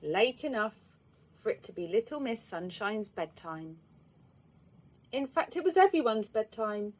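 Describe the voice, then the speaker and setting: Woman, storybook reader, slow, expressive, lively pitch, higher voice. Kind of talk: children's storybook reading.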